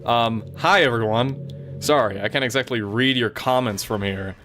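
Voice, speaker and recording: A man's voice: mid-range voice, moderate pace, soft background music, lightly acted. Monika, a sweet girl club president, read by a man. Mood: shy sweet. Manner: gentle, self-conscious, later pleading. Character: young female club president, sweet, possessive. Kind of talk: reading game dialogue aloud.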